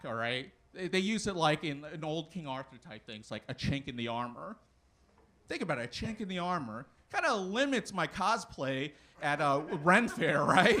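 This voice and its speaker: A man's voice: sits high, pushed and bright. A young man doing a stand-up comedy set, rambling with plenty of fillers and restarts. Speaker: stand-up comic.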